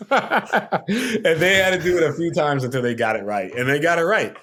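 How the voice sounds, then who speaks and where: A man's voice: on the high side, expressive, moderate pace, a bit bright, a little hiss or hum. A TV producer on a podcast as a guest, telling a story animatedly, acting out the quotes and laughing as he goes.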